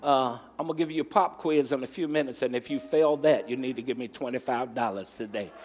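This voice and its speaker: A man's voice: mid-range voice, darkish tone, soft background music. A man preaching a sermon as pastor, stretching out stressed words and calling on the congregation to answer. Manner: emphatic preaching, drawn-out stressed words, call and response. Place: church sanctuary. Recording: long reverb from a large hall.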